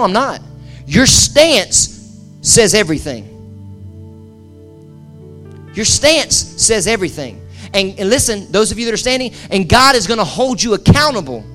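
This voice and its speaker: A man preaching a sermon as pastor at a church service, impassioned, swinging from loud declarations to hushed asides and repeating his phrases. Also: high voice. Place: church service with live audience.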